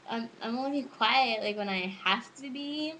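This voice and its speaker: A woman's voice: fairly high pitch, measured pace, pushed and bright, a little hiss or hum, rough recording. A teenage girl chatting casually to camera as a vlogger, rambling and giggly. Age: teens. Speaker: student vlogger.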